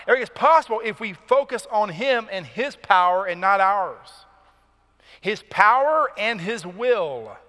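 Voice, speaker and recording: Bright-voiced preaching man. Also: high voice, in a large hall. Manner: emphatic preaching, rising for key points. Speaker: pastor. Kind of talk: sermon. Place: church sanctuary.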